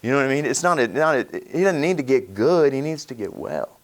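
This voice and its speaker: A man's voice: mid-range voice, brisk. Man telling his story, laughing often. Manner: animated, laughs often, many restarts. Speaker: speaker sharing his recovery story. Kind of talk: personal storytelling talk.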